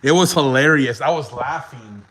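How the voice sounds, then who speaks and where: A man's voice: medium pitch, expressive, moderate pace, fairly bright tone, breathy edge, low-quality recording. A young man telling a story as a podcast host, casual and chatty, laughing often and swearing, with lots of "like" fillers.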